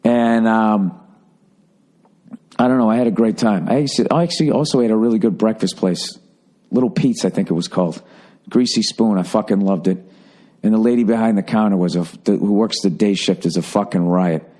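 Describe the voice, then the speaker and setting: A man from the Boston area hosting a podcast, telling a rambling, profane story that jumps into high-pitched bursts for emphasis. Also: a little fast, mellow. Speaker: podcast host. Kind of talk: casual storytelling monologue.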